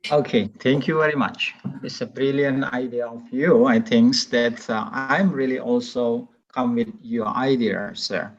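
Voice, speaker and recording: Slow-spoken man hosting an online meeting. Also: mid-range voice, fairly even intonation. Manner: patient, repeats questions. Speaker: meeting host. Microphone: online call. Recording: dull, lo-fi call audio.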